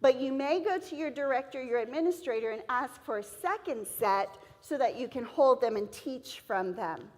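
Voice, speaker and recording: A woman's voice: sits high, lively intonation, moderate pace, few pauses. A woman presenting a teacher-training seminar, acting out letter sounds and classroom scenes as she explains. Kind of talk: lively teacher-training talk. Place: church hall. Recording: echoey hall reverb.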